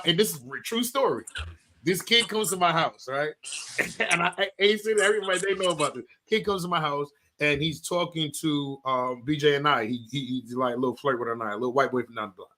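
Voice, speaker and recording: Animated storytelling man, high bright voice. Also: quick pace. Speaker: podcast co-host. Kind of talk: casual group chat.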